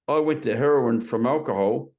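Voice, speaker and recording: A man's voice: medium pitch, normal speed, darkish tone. A man in his sixties with an Australian accent, a podcast guest telling vivid stories in a blunt, slangy way. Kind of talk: conversational storytelling.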